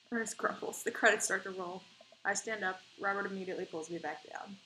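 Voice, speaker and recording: Woman doing let's play commentary, mid-pitched, blunt and swears freely, faint hiss. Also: a little fast, poor audio. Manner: animated, swears freely, indignant outbursts. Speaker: gamer playing a dating game.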